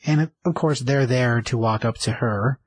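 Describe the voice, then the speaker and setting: A man's voice: medium pitch, unhurried, breathy edge, low-quality recording. A man casually retelling a TV episode, rambling with lots of fillers. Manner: rambling, filler-heavy, conversational. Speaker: show recapper.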